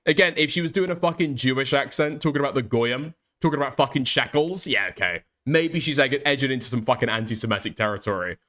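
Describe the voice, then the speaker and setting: A man's voice: mid-range voice, fast talker, few pauses. A man co-hosting a commentary show, ranting casually with frequent swearing. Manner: heavy swearing, animated ranting. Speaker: co-host. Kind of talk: casual opinionated chat.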